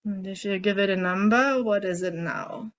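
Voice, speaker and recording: A woman coaching a group through a guided tapping and emotion-release exercise, speaking in a gentle, coaxing way and asking many guiding questions. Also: medium pitch, normal speed, highs cut off. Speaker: emotional eating coach leading a group session.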